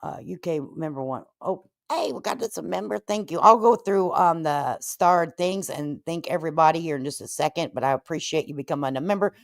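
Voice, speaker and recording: A woman hosting a casual live-stream commentary, sassy and animated, calling people honey and cupcake. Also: deep voice, brisk, gravelly, few pauses, no room sound, studio quality. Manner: sassy, animated, Southern-tinged endearments.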